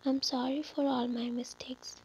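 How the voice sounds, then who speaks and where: A woman's voice: sits high, flat delivery, moderate pace, heavy background noise. A woman voicing a tearful, apologetic young wife in a whispered role-play.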